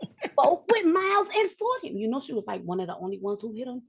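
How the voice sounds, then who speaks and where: A woman comic book writer, a guest in a casual interview, telling stories in an animated, profane way and acting out her own reactions. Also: sits high, fast talker, vocal fry, breathy edge.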